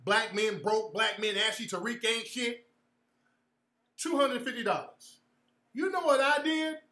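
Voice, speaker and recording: A man's voice: very high-pitched, measured pace, sharp tone, echoey room. A man hosting his own show, telling a story in a casual, profane, mocking way and often laughing at it. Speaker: podcast host.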